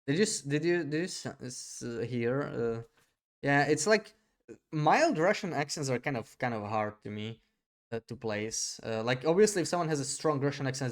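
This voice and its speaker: Young man, game streamer, live commentary, hesitant, thinks aloud, average pitch.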